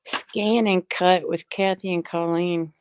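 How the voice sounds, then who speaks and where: A woman's voice: on the low side, fairly even intonation, takes it slowly, slight background noise. A woman co-hosting a casual crafting chat, reading comments aloud with dry, plainspoken asides.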